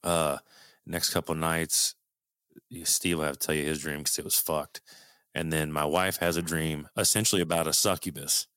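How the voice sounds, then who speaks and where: Deep-voiced middle-aged man telling a story. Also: steady tone, normal speed, a bit bright, smooth, dry recording, clean studio sound. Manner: earnest, swears freely, frequent restarts. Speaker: guest telling a personal story. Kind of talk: casual storytelling.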